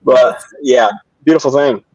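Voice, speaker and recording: A man's voice: medium pitch, steady tone, measured pace, a little mellow, no echo, dull audio. An older man, a former wrestler, telling stories in a casual interview over a video call, with many restarts and fillers. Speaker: guest, former pro wrestler.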